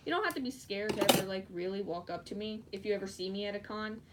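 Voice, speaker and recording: A woman chatting casually while she crafts, giggling often and breaking into excited squeals. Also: medium pitch, fast talker, few pauses. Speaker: fursuit maker streaming live. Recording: distant mic with faint background noise.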